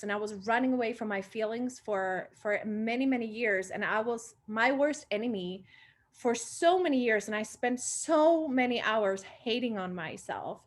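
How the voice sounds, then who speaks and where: A woman's voice: mid-range voice, fairly bright tone. A woman in her twenties hosting a video call meeting, upbeat and effusive and short of breath. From Sweden. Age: 20s. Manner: upbeat and effusive, repeats words for emphasis. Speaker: retreat founder and confidence coach hosting a meeting.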